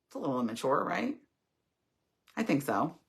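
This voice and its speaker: A woman's voice: low voice, very animated, moderate pace, creaky. A middle-aged woman hosting a casual live chat, reading viewers' comments aloud and answering them earnestly and candidly.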